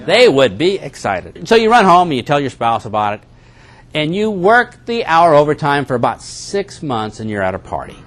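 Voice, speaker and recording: A man's voice: a little high, sing-song, moderate pace, fairly bright tone. A man giving a seminar talk to a live audience as a network marketing trainer, telling a story and acting out everyday dialogue.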